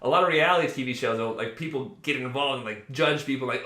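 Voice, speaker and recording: Man, casual spiritual talk, rambling with lots of "like", mid-pitched, roomy echo. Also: fast, sharp tone. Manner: rambling, acts out quoted voices, many "like"s. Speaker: spiritual video host.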